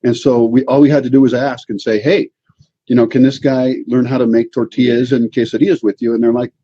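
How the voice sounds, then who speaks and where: A man hosting a casual interview, relaxed and friendly with his guest. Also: medium pitch, a little fast, slightly rough, dry recording, dull audio. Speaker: host.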